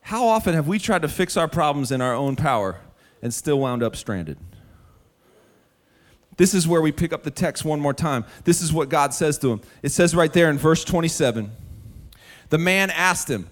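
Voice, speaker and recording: A male preacher and musician delivering a sermon, telling stories animatedly to the congregation and then dropping to a hushed, earnest tone. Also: on the high side, moderate pace. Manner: animated storytelling with sudden drops to a hushed, earnest tone; direct address to the congregation.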